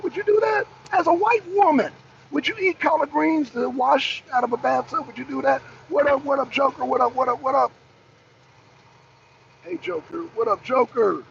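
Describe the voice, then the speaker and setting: Her voice sits high and creaky, moving at a moderate pace as she hosts a political livestream. Emphatic, she repeats her rhetorical questions over and over while answering the chat, all in dull, lo-fi audio with a faint hiss.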